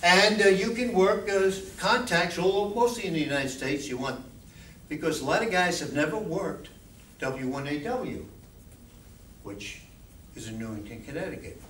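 A man's voice: high voice, animated, moderate pace, a bit bright. A man giving an informal talk to a club meeting as a guest speaker, chatty and often asking the audience questions. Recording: echoey room, distant mic, faint noise.

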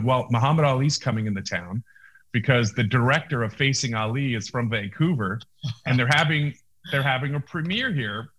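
A male actor as an interview guest, telling a story in casual talk, animated, with many restarts and acted-out quotes, on a video call. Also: mid-range voice.

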